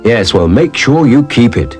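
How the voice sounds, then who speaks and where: Calm sensible father, steady voice, man reading it. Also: medium pitch, moderate pace, faint music behind, pitched above the performer's own voice, natural voice.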